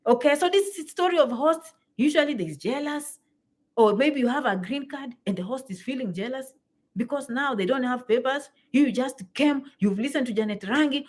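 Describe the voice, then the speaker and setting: A woman vlogs straight to her audience, her voice sitting a little high. She swings between loud exclamations and quieter asides, repeating words to drive her point home. Her delivery is casual and story-driven, as if advising friends. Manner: lively, exclamatory, repeats phrases for emphasis. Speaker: vlogger. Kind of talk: animated storytelling to camera.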